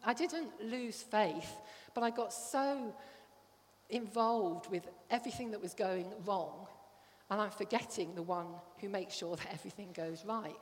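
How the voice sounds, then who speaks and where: A woman's voice: mid-range voice, slight background noise. Middle-aged woman, sermon delivery, earnest and personal, recorded in a reverberant church hall. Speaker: church speaker.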